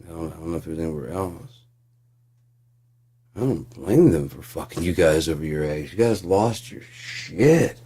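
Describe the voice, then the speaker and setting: A man's voice: extremely low pitch, dark tone, slightly rough. A man ranting in a casual, profane, sarcastic monologue as a channel host.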